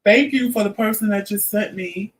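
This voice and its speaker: A man's voice: high voice, moderate pace, recorded from a distance, a little hiss or hum, rough recording. A man in his fifties hosting a vlog, telling a story casually and acting out the other people's lines as he goes. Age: 50s. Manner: animated storyteller who acts out quoted dialogue. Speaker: vlog host.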